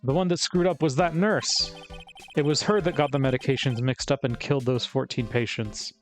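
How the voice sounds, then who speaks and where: A man's voice: mid-range voice, normal speed, faint music behind, close to an everyday voice. A man voicing a pompous, arrogant male surgeon who huffs and blusters with self-pity. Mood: blustering. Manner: huffy, self-pitying, blustering.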